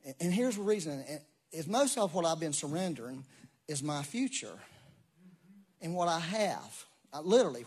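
A man, preaching a sermon in a folksy, animated way with asides and laughs. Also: on the high side, breathy edge. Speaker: pastor.

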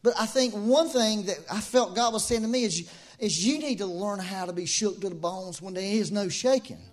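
A man preaching a sermon in a conversational, animated way, with asides and laughs. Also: high-pitched, moderate pace.

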